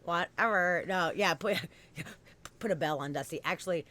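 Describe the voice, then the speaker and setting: A young woman hosting a podcast, telling stories in an animated, expressive way, swinging from loud outbursts to low murmurs. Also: moderate pace, slight background noise. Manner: animated storytelling, swearing, voice swinging from loud to quiet. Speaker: podcast host. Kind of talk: casual podcast chat.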